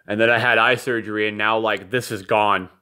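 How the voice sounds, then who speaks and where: A father making a video message at home, with a nightlight in the room, talks in a fairly low, fairly even voice that is bright, forceful, and clean, at a brisk pace. He hops from one thought to the next, apologizes a lot, and gets profane and ranty at moments.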